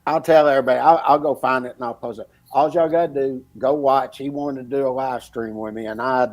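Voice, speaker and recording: A man's voice: medium pitch, fairly even intonation, brisk, darkish tone, highs cut off. A man co-hosting a podcast, talking casually and ranting indignantly about double standards. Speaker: podcast co-host.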